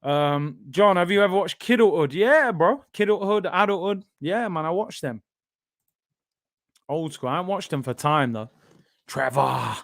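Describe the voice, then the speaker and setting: A man with a British accent hosting a live football watch-along, bantering excitably and reading out viewer comments. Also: high-pitched, moderate pace, creaky, no room sound, studio quality.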